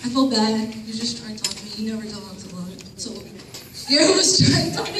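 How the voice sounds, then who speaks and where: A woman's voice: on the high side, animated, moderate pace. A woman sharing a personal testimony with a group in a chatty, self-conscious way, often laughing and apologizing. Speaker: church member giving testimony. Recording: echoey room, distant mic, noisy.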